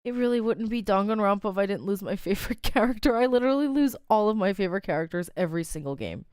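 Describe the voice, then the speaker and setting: A woman's voice: mid-range voice, lively intonation, quick pace, darkish tone, clean tone, no echo, studio quality. A woman streamer reacting live to a fan game, exclaiming often, laughing and sighing between her remarks.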